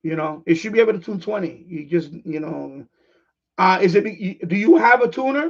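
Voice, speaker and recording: Speaking at a moderate pace with an expressive, fairly high voice, a man runs a ham radio livestream. He chats viewers through an informal demonstration while handling his kit, often rambling and beginning his sentences again, all in dull lo-fi stream sound.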